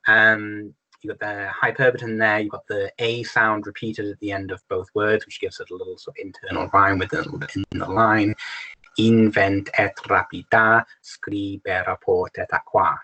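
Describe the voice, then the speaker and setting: Bright-voiced teacher giving a Latin lesson. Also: male voice, on the low side, moderate pace, low-quality recording. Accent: English. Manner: explains in a relaxed way, with frequent ums and self-corrections. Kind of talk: recorded video lesson.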